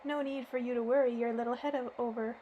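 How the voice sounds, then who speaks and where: An elderly, calm male professor speaks mild, reassuring words from his wheelchair, as a woman reader puts him on. The tone stays high and level, with a faint background hiss. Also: quick pace, highs cut off, lightly acted.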